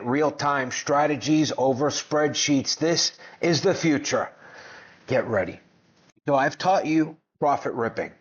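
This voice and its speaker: A man giving brash, mocking commentary on finance clips, boastful and combative. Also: fairly high pitch. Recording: dull lo-fi sound.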